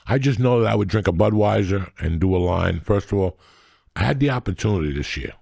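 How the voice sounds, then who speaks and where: Gravelly, husky man with low voice. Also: lively intonation, fairly quick, darkish tone. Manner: raw, profane storytelling. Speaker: podcast host and comedian. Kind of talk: casual podcast chat.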